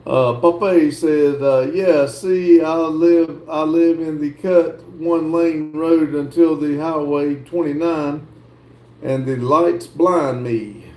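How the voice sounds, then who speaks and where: Slow-talking man in an echoey room. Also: on the high side, fairly even intonation, warm tone. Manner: slow, drawling, reads comments aloud and answers. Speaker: livestream host reading chat. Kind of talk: casual chat.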